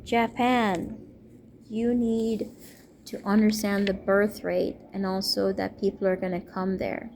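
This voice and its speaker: A woman's voice: medium pitch, little pitch movement, a little slow, darkish tone. A young adult woman talking earnestly to camera in a rambling personal testimony, with a faint hiss behind her. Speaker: vlogger speaking to camera. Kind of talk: personal testimony and religious appeal.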